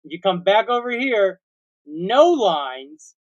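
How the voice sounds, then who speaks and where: The sound is lo-fi as this high-pitched co-host in his forties tells a long, rambling story on a casual comedy podcast. He's very animated yet slow, throwing in made-up sound words.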